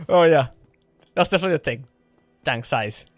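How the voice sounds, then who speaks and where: A playful man chats casually with his viewers while he plays a game, often breaking into laughter. His voice sits a little high for a man, and the sound is close and dry with no room behind it. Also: animated, moderate pace, dry recording, faint music behind. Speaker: streamer. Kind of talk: casual live gameplay chat.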